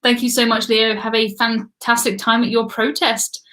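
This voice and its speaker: A woman's voice: on the high side, level tone, moderate pace, a bit bright, slight background noise. An English woman hosting a live trivia stream, chatting casually and laughing often as she reads viewer comments.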